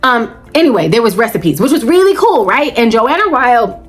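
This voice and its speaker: A woman's voice: fairly high pitch, sing-song, normal speed, slightly rough, soft background music. A woman vlogging about audiobooks in a casual chat, gushing and chatty, calling her viewers "child" and "baby".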